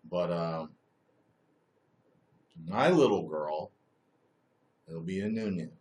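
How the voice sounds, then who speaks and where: Man, casual live-stream chat, crude humor, animated, lively pitch. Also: takes it slowly.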